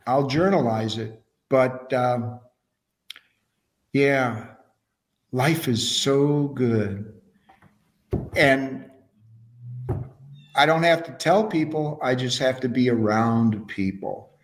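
This interview guest, a man of medium pitch, talks extremely slowly and pauses often. His storytelling is casual and conversational yet enthusiastic, with lots of restarts along the way.

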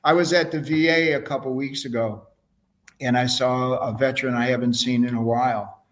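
Here a man's mid-range voice, fairly even in intonation, moves at a normal speed. Appearing as an interview guest, he shares stories with casual enthusiasm and frequent restarts, just conversational storytelling.

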